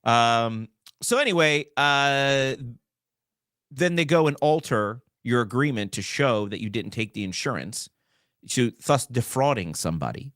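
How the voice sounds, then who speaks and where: A man hosting a political commentary talk show, talking in an animated, rambling way with many asides. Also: medium pitch, moderate pace, dry recording, studio quality. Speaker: host.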